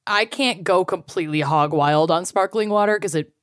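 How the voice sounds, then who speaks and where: A woman's voice: on the low side, moderate pace, smooth, dry recording, studio quality. A young adult woman co-hosting a podcast, chatting casually and acting out quoted asides as she talks. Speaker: podcast co-host. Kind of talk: casual chat.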